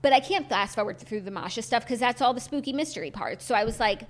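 A young adult woman co-hosting a podcast in casual chat, rambling and animated with lots of fillers. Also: a little high, quick pace. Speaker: podcast co-host.

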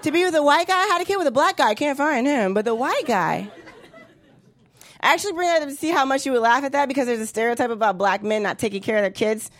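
A woman's voice: high-pitched, lively intonation, fast talker, a bit bright. A woman in her thirties doing a profane, brash stand-up comedy set on a club stage, acting out the voices of other people. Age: 30s.

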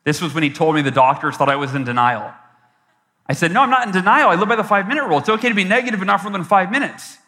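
A man's voice: high-pitched, animated, rapid-fire, pushed and bright. A man giving a motivational keynote and telling a story, acting out his own past voice with big swings. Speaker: keynote speaker. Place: large event hall. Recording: long hall reverb from a live event.

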